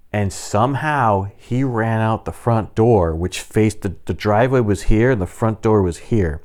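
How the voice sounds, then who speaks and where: A man in his fifties casually telling a personal story, lively and full of mimicked sounds and voices. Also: lowish voice. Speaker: storyteller vlogger.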